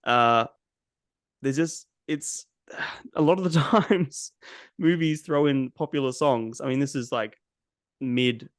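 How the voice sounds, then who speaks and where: A man's voice: mid-range voice, slow pace, dry recording. A man talks through films in a loose podcast chat, blunt and cynical, with a good deal of swearing. His voice sits in a middle range. The sound is close and dry, with no room around it. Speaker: podcast host. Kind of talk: casual movie review chat.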